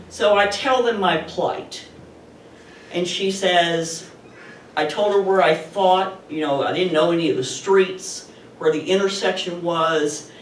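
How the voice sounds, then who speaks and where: A middle-aged woman telling a personal story live to an audience, chatty and animated. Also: fairly low pitch. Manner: animated, chatty retelling with laughs. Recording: roomy, distant mic with faint noise.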